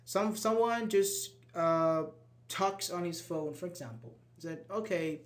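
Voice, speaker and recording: Guy teaching english grammar, kinda high voice, patient, acts out annoyed examples. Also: unhurried, a bit bright. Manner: explains patiently, acts out irritated example lines. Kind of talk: live online grammar class.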